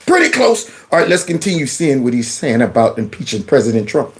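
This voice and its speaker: Talking back at speakers in news clips, a man running his own channel delivers animated, scornful commentary. He has a mid-range voice and talks fast.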